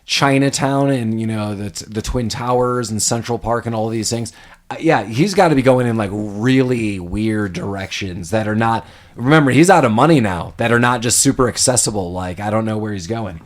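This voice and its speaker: A man hosting a casual podcast, recapping a film scene and tossing in quick voices for the characters. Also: fairly low pitch. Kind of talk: casual chat.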